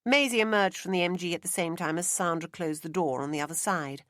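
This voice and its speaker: A woman narrating an audiobook in a measured, expressive reading. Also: fairly low pitch, no room sound, clean studio sound. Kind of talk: scripted narration. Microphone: close studio mic.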